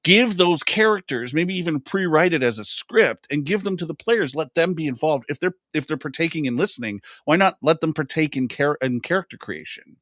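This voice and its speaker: A man's voice: a little high, animated, brisk, few pauses, a bit bright, dry recording, clean studio sound. A man co-hosting a podcast about running games, chatting casually with many restarts and fillers. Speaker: podcast co-host, game master. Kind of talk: casual chat.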